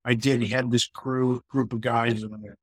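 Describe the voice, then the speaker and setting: Husky middle-aged guy from new york, chatty, keeps restarting, dry close sound. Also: medium pitch, flat delivery, normal speed, no echo, poor audio. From New York, USA. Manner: conversational, frequent restarts and "you know" fillers. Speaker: podcast guest. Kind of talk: casual personal storytelling.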